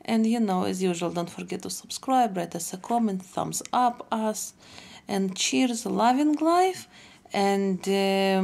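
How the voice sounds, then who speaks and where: A woman's voice: medium pitch, gravelly, a little mellow. A woman hosting a casual family vlog, chatty, with slightly non-native phrasing. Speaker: vlog host.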